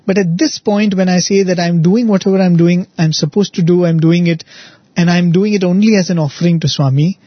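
A man's voice: high-pitched, fairly even intonation, fairly quick, dry recording, lo-fi sound. A man giving a devotional talk, telling a story and often checking in with "right?" and "you know". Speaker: devotional speaker. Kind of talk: spiritual talk.

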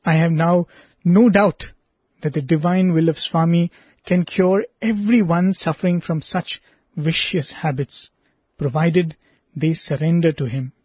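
Husky high-voiced man reading earnestly. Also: no room sound. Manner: earnest, measured reading with small restarts. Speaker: devotional radio presenter. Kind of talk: reading a testimony aloud, then reflective commentary. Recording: dry, slightly dull lo-fi recording.

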